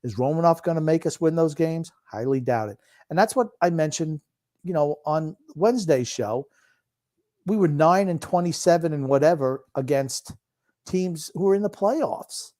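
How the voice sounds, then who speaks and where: An older man co-hosts a casual sports podcast in a grumpy, teasing way. His voice sits a bit high for a man. He talks loosely and jabs at his partner. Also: normal speed, mellow. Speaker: podcast co-host. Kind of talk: casual chat, sports talk.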